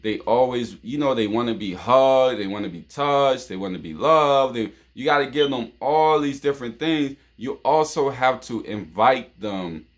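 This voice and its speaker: A man from New York hosts a casual monologue of relationship advice. His voice is mid-pitched, and he keeps looping back with "you know what I'm saying" and repeated phrases, the way friends talk. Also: lively intonation, moderate pace, few pauses. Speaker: show host.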